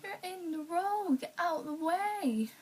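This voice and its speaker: A woman imitating her little boy cousin, who slowly and insistently repeats orders. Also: animated, a little mellow, full character voice. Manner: high, slow and repetitive.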